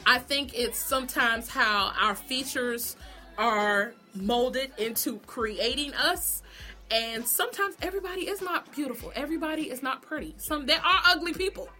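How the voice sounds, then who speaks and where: Sassy woman ranting on her vlog, bright higher voice, swears a lot, faint music behind. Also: moderate pace. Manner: blunt, profane, sassy, laughs often. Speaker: vlogger reviewing a TV show. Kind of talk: casual opinionated monologue.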